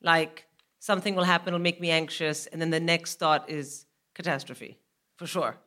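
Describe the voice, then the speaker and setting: A woman in her forties, a guest comedian, telling comic anecdotes on a live podcast stage in an animated way, laughing and acting out her own panic. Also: deep voice, normal speed.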